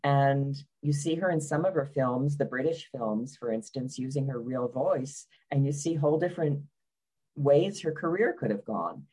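A woman's voice: extremely low pitch, expressive, moderate pace, mellow, husky, low-quality recording. A woman author being interviewed, speaking in a wry, opinionated and blunt way. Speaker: biographer guest. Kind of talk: conversational interview.

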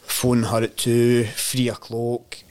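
A man with a Scottish accent, a podcast guest chatting casually and telling animated, sweary stories. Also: medium pitch, takes it slowly. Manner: swears freely, animated storytelling. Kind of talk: casual chat.

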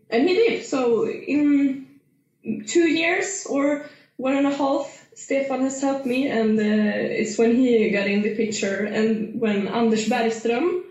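A woman's voice: fairly high pitch, fairly even intonation, slow, a little mellow, lo-fi sound. A young Swedish woman with a Swedish accent, a powerlifter being interviewed, speaking hesitantly with many fillers and frequent laughter. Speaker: guest powerlifter. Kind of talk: casual interview. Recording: echoey room.

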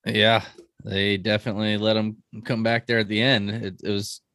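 A man co-hosting a casual sports podcast, giving relaxed, measured takes. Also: lowish voice, no echo. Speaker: podcast co-host.

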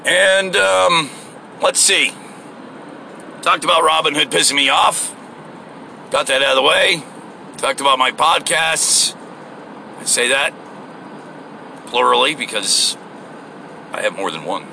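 Profane, rambling man talking while driving, bright edgy tone, faint engine noise. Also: fairly high pitch, slow, gravelly, pauses often. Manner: rambling, profane, frequent fillers. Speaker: vlogger. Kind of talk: casual driving rant. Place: inside a moving car.

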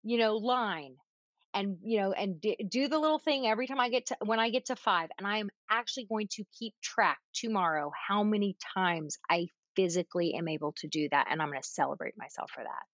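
Animated woman coach, dull dry sound. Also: mid-range voice, a little fast, no room sound. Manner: animated, sighs and breathes audibly to demonstrate. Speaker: parenting coach guest. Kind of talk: casual advice chat.

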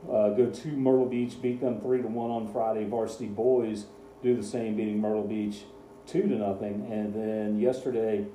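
A man's voice: fairly low pitch, steady tone, moderate pace, dark tone, reverberant, slight background noise, low-quality recording. A man co-hosting a casual sports talk show, running through game scores with dry sarcasm. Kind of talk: casual radio sports chat.

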